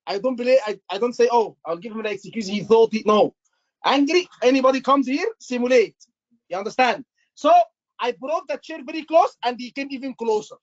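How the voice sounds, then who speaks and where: A man teaching an exam class live, animated and repetitive, acting out doctor lines for his students. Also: very high voice, fairly quick. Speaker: exam tutor. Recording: muffled lo-fi class recording.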